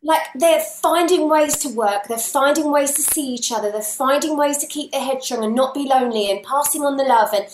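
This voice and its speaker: A woman's voice: sits high, brisk, few pauses. Earnest woman guest in an echoey room. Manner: earnest, heartfelt. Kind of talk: casual chat. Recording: roomy echo with faint noise.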